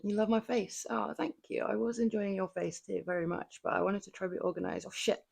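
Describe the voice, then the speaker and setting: A woman's voice: mid-range voice, a little fast, gravelly, darkish tone. A woman livestreaming from her home gym, chatting casually with viewers between lifts, laughing often and swearing now and then. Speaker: livestreamer working out.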